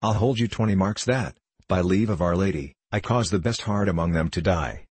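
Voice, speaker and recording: A man's voice: deep voice, normal speed, darkish tone, breathy edge, no room sound. Man reading as a bold young outlaw archer. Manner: earnest archaic storybook speech. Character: bold young male outlaw archer, proud and quick to anger.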